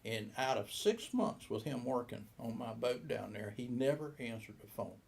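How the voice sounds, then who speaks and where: A man's voice: mid-range voice, expressive, moderate pace, gravelly, a little mellow. A man in his seventies who owns a boat shop, telling a long, rambling story in an interview and acting out the dialogue. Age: 70s. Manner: rambling anecdotal, acts out quoted dialogue.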